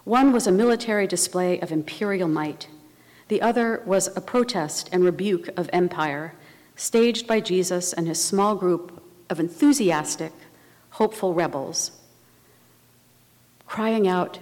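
A woman preaching a sermon in a measured, reflective way. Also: fairly low pitch, darkish tone. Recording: long reverb of a large hall.

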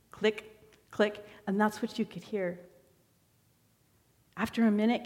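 A woman giving a personal testimony sermon as a church member, telling her story in a conversational way. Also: mid-range voice. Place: church sanctuary. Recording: long church hall reverb.

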